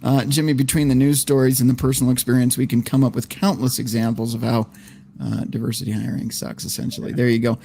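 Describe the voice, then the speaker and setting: A man hosting an online panel show in an everyday mid-range voice. He reads news out loud, breaks off to laugh and curse, and keeps pulling the group back on topic. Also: mid-range voice, level tone, quick pace, vocal fry, slight background noise. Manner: profane, laughing, steers the talk back on topic. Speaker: podcast host. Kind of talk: casual panel chat, reading news aloud.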